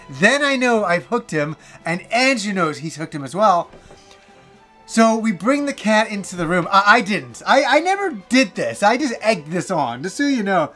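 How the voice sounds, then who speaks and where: Vlogger, man, 40s, higher voice, animated storyteller who swears and laughs as he goes. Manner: animated, swears freely, laughs while telling. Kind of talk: casual storytelling to camera.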